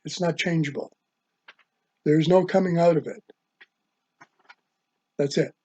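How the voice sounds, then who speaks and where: Casting note: man, online preacher, husky and slightly high voice, hesitant delivery, dull lo-fi recording. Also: warm tone. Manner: halting, with many ums and uhs. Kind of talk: religious video sermon. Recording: dull lo-fi sound.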